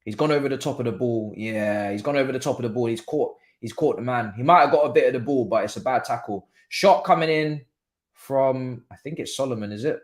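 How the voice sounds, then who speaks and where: A man streaming a live football watchalong, talking excitedly in slang and thinking aloud. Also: medium pitch, a little fast.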